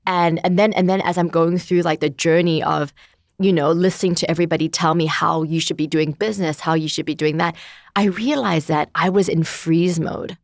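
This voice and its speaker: A woman's voice: low-pitched, fairly even intonation, fairly quick, dry recording, studio quality. A woman in her thirties, a guest in an interview, talking candidly and searchingly about her life with many filler words. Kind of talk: reflective personal conversation.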